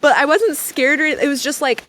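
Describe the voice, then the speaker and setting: A woman, a climber, telling a story as a podcast guest in a casual, animated way full of "like" fillers. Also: high voice, normal speed, a little hiss or hum. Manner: animated, filler-heavy "like" speech.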